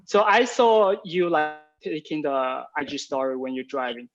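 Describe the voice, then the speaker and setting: A man calling in to a podcast, asking his question in a hesitant, halting way. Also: on the high side, lively intonation, lo-fi sound. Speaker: caller.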